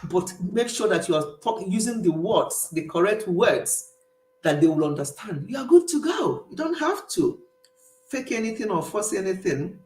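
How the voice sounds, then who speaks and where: A woman's voice: medium pitch, very animated, moderate pace, darkish tone. Chatty Nigerian woman in a roomy space. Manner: chatty, laughs often, reads and answers comments. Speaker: live-stream host. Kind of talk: casual live-stream chat with viewers. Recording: roomy echo.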